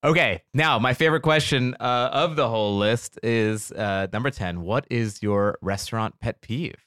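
A man hosting a casual podcast chat, playful and teasing, quick to exclaim. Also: medium pitch, a bit bright, clean tone, dry recording, studio quality. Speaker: podcast host.

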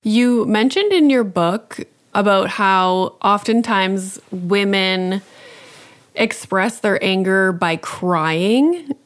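Slow-talking woman podcast host. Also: medium pitch, expressive. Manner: relatable, conversational. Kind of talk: podcast interview.

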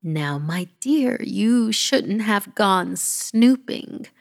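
A woman voicing a frail elderly grandmother who speaks softly, solemnly and firmly. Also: mid-range voice, lively intonation, very slow, creaky, full character voice. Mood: solemn tender. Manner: soft, solemn, firm. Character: frail elderly grandmother, stern yet loving.

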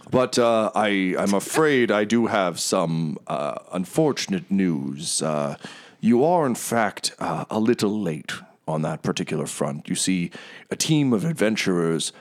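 This is a jovial, smooth-dealing tiger merchant, voiced by a man in a tabletop game. He gushes and apologizes in flowery phrases, his pitch climbing and falling widely. The tone sits low and full. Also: big pitch swings, measured pace. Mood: effusive. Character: gregarious smooth-talking male tiger merchant.

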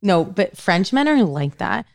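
A young woman co-hosting a podcast, chatting casually and candidly, animated and self-mocking. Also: mid-range voice, a little slow, creaky, no echo, clean studio sound. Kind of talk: casual chat.

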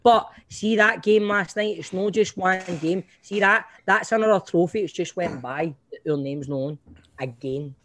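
A man's voice: high-pitched, normal speed, fairly bright tone. A Scottish man co-hosting a podcast, talking football in a heated, insistent way. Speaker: podcast co-host. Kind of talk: casual football chat.

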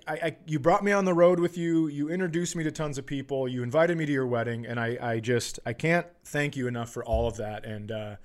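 A man hosting a podcast, chatting casually and telling a profane story while acting out quotes. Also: fairly high pitch. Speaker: podcast host.

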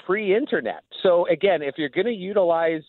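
A male radio caller explains his view in a relaxed, conversational tone. His voice is a little higher than average. He comes through a thin, tinny phone line that sounds dry and close. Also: moderate pace, no echo. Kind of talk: phone-in call.

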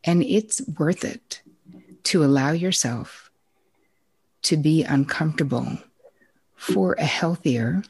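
Low, husky-voiced woman telling stories frankly. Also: takes it slowly, long pauses. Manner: direct and candid, with lively quoted dialogue. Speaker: psychotherapist and guest. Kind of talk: conversational interview storytelling.

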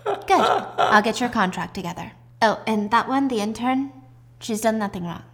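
A woman voicing a cold, menacing male crime boss who speaks in low, clipped threats. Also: animated, normal speed, fairly bright tone, husky, exaggerated voice.

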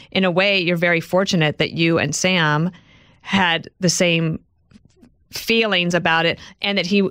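A woman hosts an interview in a fairly low voice, her questions sounding dry and close on a studio mic. She affirms her guest as she listens. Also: fairly bright tone, no room sound. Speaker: podcast host, author. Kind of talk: interview hosting.

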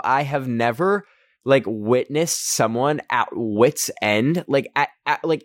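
Animated young man telling a story. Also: medium pitch, dry recording, clean studio sound. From Canada. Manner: animated, heavy use of "like", acts out quotes in raised voices. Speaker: podcast host. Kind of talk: casual storytelling.

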